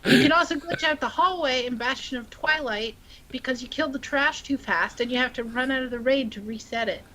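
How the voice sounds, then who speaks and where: A woman co-hosting a gaming podcast, chatting quickly through a long tip about games. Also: high-pitched, bright, forceful tone, slight background noise, low-quality recording. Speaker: podcast co-host. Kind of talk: casual gaming chat.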